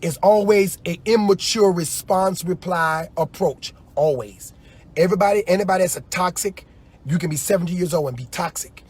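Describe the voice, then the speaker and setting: Husky high-voiced preaching man. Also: moderate pace. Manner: animated, acts out quoted voices. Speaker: apostle. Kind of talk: preaching on a livestream.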